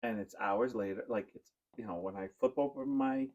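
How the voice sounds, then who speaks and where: A man co-hosting a podcast, telling a long story in casual chat and now and then breaking into high squeals. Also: moderate pace, phone-quality sound. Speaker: podcast co-host.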